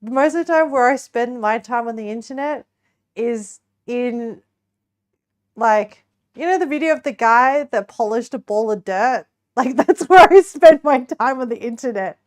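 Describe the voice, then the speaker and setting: Woman, Australian accent, young adult, casual stream chat, slow pace, slightly high voice, giggly. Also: animated. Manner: giggly, rambling, many likes and restarts.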